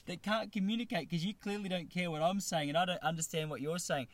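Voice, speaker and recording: A man's voice: high voice, steady tone, fast, hardly any pauses, no echo. An Australian man in his thirties telling a rambling, self-deprecating comedic story as a podcast host. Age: 30s. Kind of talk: comedic monologue.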